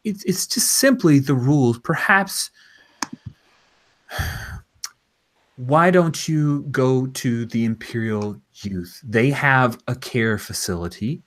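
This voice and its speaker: A man's voice: medium pitch, slow pace, pauses often, a bit bright. A man voicing a prim older woman official in a tabletop game, apologetic and rule-bound. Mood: stonewalling.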